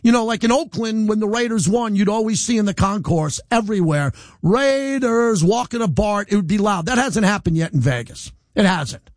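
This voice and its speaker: High-voiced animated radio host man. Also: a little fast, dry recording, studio quality. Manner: animated, defiant, rambling without a script. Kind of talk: live radio monologue. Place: radio studio. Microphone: studio microphone.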